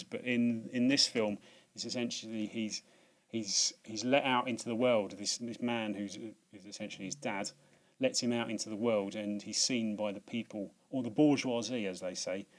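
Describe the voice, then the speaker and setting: A British man hosting a video in casual chat, rambling with many restarts and fillers and laughing at himself. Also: on the low side. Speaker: video host.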